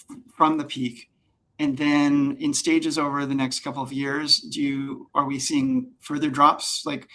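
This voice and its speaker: A man's voice: on the high side, fairly bright tone, rough recording. A man who works as a realtor, chatting on a panel in a jokey, upbeat way. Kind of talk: casual panel chat.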